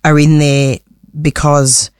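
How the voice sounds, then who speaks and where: A woman from Australia giving a community radio interview, passionate and halting, often repeating words as she searches for them. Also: deep voice, flat delivery, a little mellow, smooth, no echo, clean studio sound. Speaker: community radio producer and guest. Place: Melbourne community radio studio.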